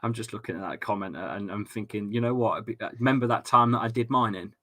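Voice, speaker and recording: A young English man chatting through a live football watchalong stream, reading comments and cracking jokes. His voice is bright and forward. He rambles and stumbles over his words as he talks. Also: lowish voice, fast. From England. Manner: chatty, jokey, repeats himself and stumbles on words. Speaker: host of a fan watchalong stream.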